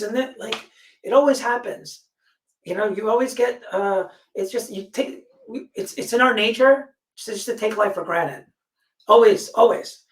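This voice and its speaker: Blunt, cursing woman guest, voice high-ish, echoey distant call audio. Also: measured pace. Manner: blunt, profane, animated storytelling. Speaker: panel guest. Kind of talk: casual discussion. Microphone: video call. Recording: echoey room, distant mic.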